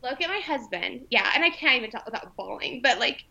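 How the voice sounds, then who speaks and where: A young adult woman tells a personal story in casual conversation, animated and emotional, and slips into the voices of the people she quotes. Her voice sits a little high with a bright, forward tone. The recording sounds dull and lo-fi. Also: quick pace, creaky. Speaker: podcast guest.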